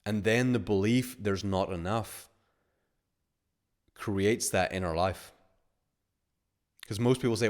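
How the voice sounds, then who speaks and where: Lowish-voiced guy coaching a webinar, rambly, lots of like, acts stuff out. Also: slow, long pauses, darkish tone. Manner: rambling, filler-heavy, acts out little scenarios. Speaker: webinar host and money-mindset coach. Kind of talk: casual webinar teaching.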